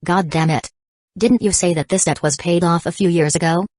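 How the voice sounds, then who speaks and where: A woman voicing an angry, rough male pirate emperor who curses and threatens, from an audiobook. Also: fairly low pitch, steady tone, moderate pace, darkish tone, dry recording, studio quality, lightly acted. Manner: cursing, threatening.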